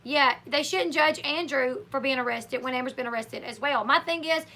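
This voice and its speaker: A woman's voice: sits high, normal speed. A woman hosting a casual live chat, opinionated and chatty, acting out what others said. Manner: chatty, opinionated, acts out quotes in animated voices. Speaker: livestream host.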